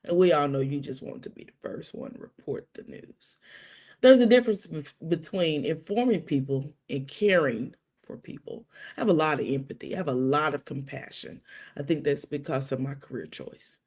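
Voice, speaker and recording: A middle-aged woman hosting a live stream, telling stories with quoted dialogue and hushed asides. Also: low voice, moderate pace. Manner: animated storytelling with quoted dialogue and dramatic hushes. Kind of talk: casual live-stream talk.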